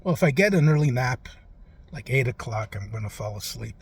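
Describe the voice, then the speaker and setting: A man playing a rambling, forgetful elderly president in a comic interview, halting and trailing off with lots of "uh". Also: medium pitch, lively intonation, husky.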